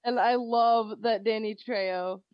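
A woman with a slightly high voice hosts a casual movie-review chat, gushing about films with playful laughter. The sound is a little dull and lo-fi, and dry. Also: steady tone, a little slow, no room sound. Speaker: podcast host.

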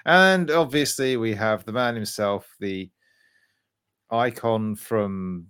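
A man's voice: mid-range voice, lively intonation, unhurried, a bit bright, clear, resonant tone. A man hosting a casual gaming podcast, bantering playfully with his co-hosts. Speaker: podcast host.

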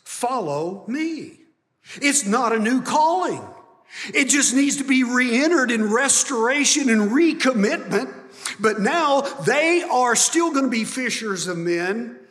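Emphatic preacher in a reverberant hall. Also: male voice. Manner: emphatic preaching, rising high and loud on key points. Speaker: pastor. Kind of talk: sermon.

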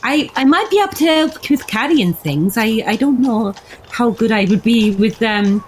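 A woman's voice: fairly high pitch, animated, normal speed, slight background noise, low-quality recording. A woman playing her character in a tabletop game, talking politely and hesitantly with frequent restarts. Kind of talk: in-character tabletop role-play.

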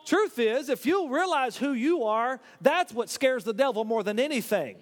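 A man's voice: extremely high pitch, animated, normal speed, in a large hall. A man preaching a sermon, telling stories with emphatic stammered restarts. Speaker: pastor.

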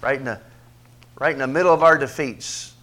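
A man preaching a sermon as pastor, questioning the congregation and swinging from quiet asides to emphatic, loud peaks. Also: a little fast. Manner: preaches with big swings in pitch and loudness, rising to emphatic peaks; asks the congregation questions directly.

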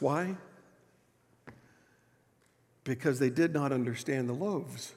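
Gravelly middle-aged male pastor preaching. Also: medium pitch, slow pace, darkish tone. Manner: conversational storytelling, asks the congregation. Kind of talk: sermon. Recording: echoey church hall.

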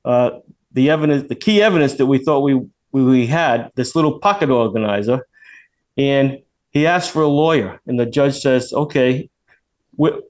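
A man's voice: mid-range voice, normal speed. A man in later life, a retired federal agent, telling a long story as a guest on a radio show, acting out the voices of the people in it and often restarting his sentences. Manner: animated, acts out quoted voices, many restarts. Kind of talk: casual storytelling.

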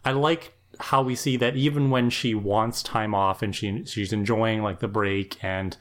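A podcast co-host chats casually, calmly explaining why the characters act as they do. The voice sits at a middle pitch. The delivery is reflective and steady. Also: a little slow. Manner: thoughtful, explains motives. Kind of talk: casual analytical chat.

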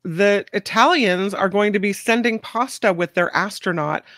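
A woman's voice: medium pitch, moderate pace, fairly bright tone, no room sound. Chatty woman co-hosting a news show. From California. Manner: chatty, reads stories then riffs. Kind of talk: casual news chat.

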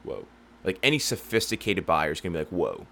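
A man's voice: low voice, animated, racing, fairly bright tone. A young man in casual talk, giving sales advice and acting out both sides of customer calls in a loose, rambling way. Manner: rambling, acts out customer dialogue. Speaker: lawn care business owner and coach.

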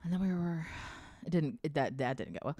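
A woman's voice: sits low, expressive, brisk, warm tone, no room sound. A young woman in casual chat, telling a candid personal story, swearing freely and laughing as she acts out what people said. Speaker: podcast guest sharing a personal story.

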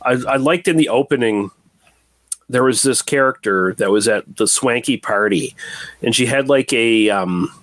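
A man talks through a film on a podcast in a loose, rambling way, circling back and restarting his thoughts. His voice sits at an ordinary pitch. The recording is dry and close, with no room sound. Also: normal speed, a bit bright, no room sound. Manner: rambling, restarts often, swears casually. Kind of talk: casual movie chat.

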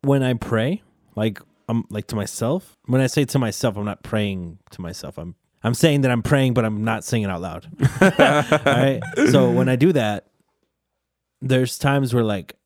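Chill slangy dude, mid voice, dry close sound. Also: male voice, medium pitch, normal speed, darkish tone, no room sound. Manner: laid-back, slangy. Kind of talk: casual chat.

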